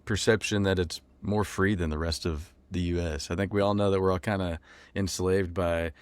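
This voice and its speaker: Deep-voiced man, relaxed. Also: normal speed, clean tone, no echo. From Texas. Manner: relaxed, many ums and restarts. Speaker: musician guest. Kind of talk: casual interview chat.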